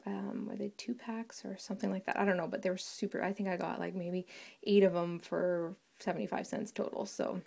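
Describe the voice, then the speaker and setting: A woman's voice: mid-range voice, little pitch movement, fairly quick, gravelly, dark tone. A woman casually walking through a craft project, chatty and rambling and often correcting herself.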